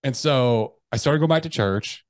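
A man's voice: medium pitch, moderate pace, dry recording. An American man, a guest on a podcast, telling personal stories frankly, with profanity and frequent restarts. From United States. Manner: acts out his own inner voices. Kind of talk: candid interview storytelling.

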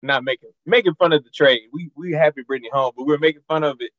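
Brief: joking laid-back man, slightly high voice, dull dry mic recording. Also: fast, dry recording. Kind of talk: casual panel chat.

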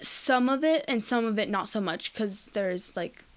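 A woman's voice: mid-range voice, unhurried. A young woman co-hosting a casual podcast chat, rambling with lots of fillers and calling people "bro". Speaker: podcast co-host.

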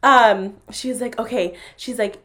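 A young woman hosting a podcast, telling a story in a casual, animated way and acting out each line of dialogue between bursts of laughter. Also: fairly high pitch, a little slow.

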